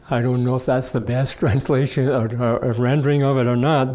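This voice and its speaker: A middle-aged male pastor reading scripture aloud in a sermon, slow and measured in the readings and chatty in the asides. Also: mid-range voice, little pitch movement, mellow. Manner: reads scripture slowly, chats between passages.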